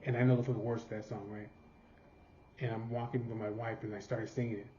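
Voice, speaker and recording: A California vlogger with a fairly low, mellow voice talks quickly and flatly through a meandering, profane family story, chuckling at his own telling. The recording is roomy and a bit dull, with slight background noise.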